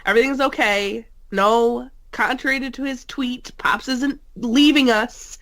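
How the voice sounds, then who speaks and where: Speaking over a remote call mic, a woman co-hosts a casual wrestling podcast. Her fairly high voice is a bit bright and a little slow, with fairly even intonation, and a cold leaves her nasal and congested. She teases and laughs often.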